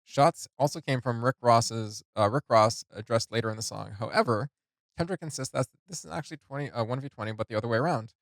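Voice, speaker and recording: A man hosting a music reaction video, reading lyrics and annotations aloud in a casual, halting way with many fillers. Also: medium pitch, gravelly, dry recording.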